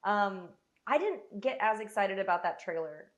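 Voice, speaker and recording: A woman's voice: mid-range voice, expressive, moderate pace, muffled recording. Joking woman podcast co-host. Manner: joking, playful, puts on voices. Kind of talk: casual chat.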